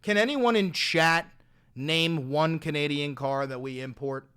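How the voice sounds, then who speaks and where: A man's voice: a little high, a little slow, fairly bright tone, clear, resonant tone. A man streaming a heated, profane rant as he reacts to an interview, talking sarcastically and straight to his chat. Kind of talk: profane, ranting political commentary.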